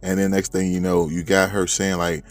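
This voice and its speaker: Slangy animated man recapping manga. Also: sits low, normal speed. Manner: animated, slangy, talks straight to viewers. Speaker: manga reviewer. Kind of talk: casual chapter recap.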